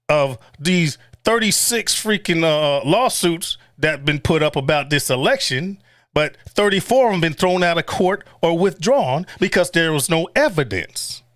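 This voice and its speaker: A man with a high-ish, fairly bright voice hosts a casual livestream, blunt and profane, reading viewer chat aloud and chuckling often between remarks. The audio is studio quality with no room sound.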